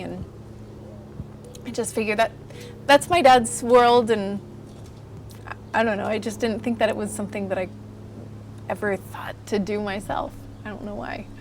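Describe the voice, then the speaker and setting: A woman illustrator in her thirties chatting casually in an interview, telling lively stories and acting out the voices of people she quotes. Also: medium pitch, slight background noise. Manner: animated storyteller, acts out quoted voices.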